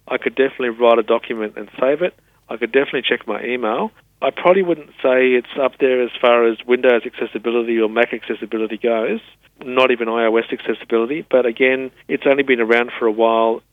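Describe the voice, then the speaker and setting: A man, a technology specialist explaining things patiently and spelling words out slowly in an interview. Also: mid-range voice, dry recording. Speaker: assistive technology specialist guest. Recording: tinny phone-line sound.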